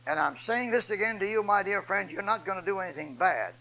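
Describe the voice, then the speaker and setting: An older man preaches a sermon, swinging from loud, shouted, repeated declarations to low, folksy storytelling with a homespun delivery. His voice is brisk and gravelly, and the audio is poor.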